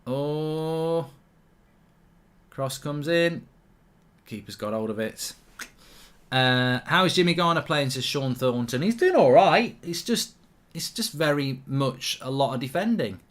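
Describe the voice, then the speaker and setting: A man's voice: medium pitch, expressive, slow, pauses often. A man hosting a live football watch-along, chatting, reacting to the play and answering viewers. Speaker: host.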